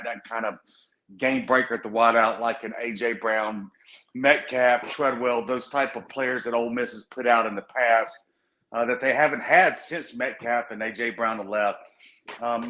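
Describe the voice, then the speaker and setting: A man's voice: medium pitch, pushed and bright. A man guesting on a sports radio show, steadily breaking down a team's players. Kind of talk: casual sports analysis.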